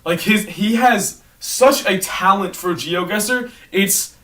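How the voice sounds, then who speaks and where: A man's voice: high-pitched, fairly bright tone. Rambling young-sounding man, far from mic. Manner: fast, rambling, heavy use of "like", self-corrections. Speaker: vlogger ranking online creators. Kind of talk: casual rambling monologue. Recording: distant mic with clear background noise and clicks.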